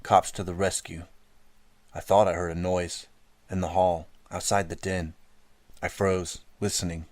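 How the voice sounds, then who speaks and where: A man narrating an audiobook in a steady first-person storytelling manner, close to the mic. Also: sits low, measured pace, no room sound. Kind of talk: scripted narration.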